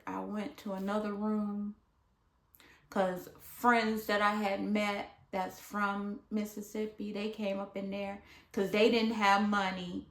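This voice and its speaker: A woman from Michigan telling a casual storytime, acting out the people she quotes and at times dropping to a hush. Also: mid-range voice, takes it slowly. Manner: animated, dramatic retelling with voiced quotes; drops to hushed near-whispers at times. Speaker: vlogger. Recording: echoey room.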